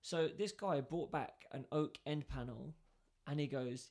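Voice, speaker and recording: This man's voice sits on the high side and moves a little slowly. He's animated as he recounts a workplace story in casual conversation, playing both people in the exchange.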